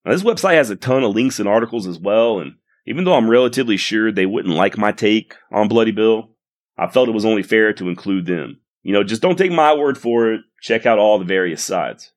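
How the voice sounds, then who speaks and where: A man's voice: lowish voice, lively intonation, fairly quick. A man hosting a history podcast, telling it casually with wry, irreverent asides and the odd curse. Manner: wry, irreverent, swears for comic effect. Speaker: podcast host.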